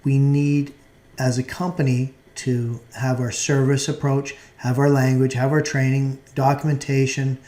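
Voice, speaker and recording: A man giving a recorded course lecture in a measured, explanatory way, now and then restarting a phrase. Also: medium pitch, level tone, warm tone.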